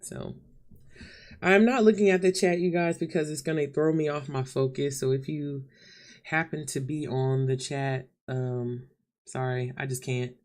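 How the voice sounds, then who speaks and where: A woman's voice: a bass voice, flat delivery, a little slow, a little mellow. A woman vlogging live to camera, chatting openly and casually with her viewers and calling them y'all and honey. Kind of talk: candid live-stream chat to viewers. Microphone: camera mic.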